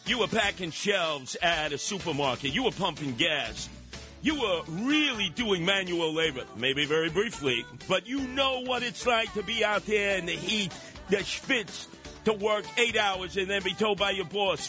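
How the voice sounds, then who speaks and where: An older man hosts talk radio, brash and sarcastic, slipping into mocking voices. His voice sits high for a man and rings bright and forceful. Light music plays under him. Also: animated, a little slow. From New York. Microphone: studio microphone.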